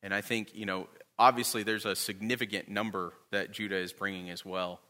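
A man's voice: fairly low pitch, little pitch movement, fairly quick, bright, forceful tone. A man teaching a Bible class in a conversational way, often checking in with his listeners.

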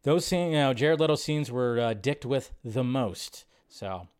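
A man's voice: medium pitch, animated, measured pace, a little mellow, clear, resonant tone. A man hosting a casual live movie news show, chatty and rambling, thinking aloud with fillers as he scrolls at his computer. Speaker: host. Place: home setup at a computer.

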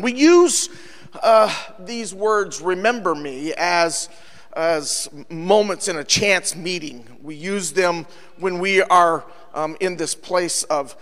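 A man pastor preaching a lively sermon to his congregation, joking with them as he goes. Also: a little high. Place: church sanctuary. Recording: church hall reverb with faint music.

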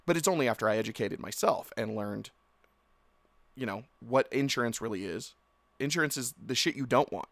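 A man's voice: mid-range voice, lively intonation, fairly quick, gravelly, sharp tone, no room sound. A man in his thirties hosting a solo podcast, ranting bluntly and swearing casually. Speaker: podcast host.

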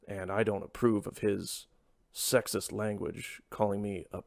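A male podcast host talking in a deadpan, sarcastic way. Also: fairly low pitch, measured pace, creaky, no room sound, clean studio sound. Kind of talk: casual podcast chat.

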